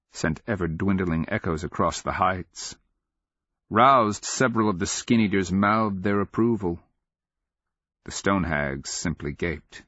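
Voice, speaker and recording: A man with a very low voice reads a fantasy audiobook in a measured, solemn way. The recording is dry, with no room sound, and slightly dull in tone. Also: fairly bright tone, no echo. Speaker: audiobook narrator. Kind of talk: scripted audiobook narration.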